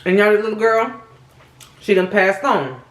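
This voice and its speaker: A woman hosting a mukbang video, telling a crime story in a sassy, animated way, speaking straight to her viewers. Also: medium pitch, normal speed, echoey room. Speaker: mukbang host. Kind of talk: casual true-crime storytelling while eating.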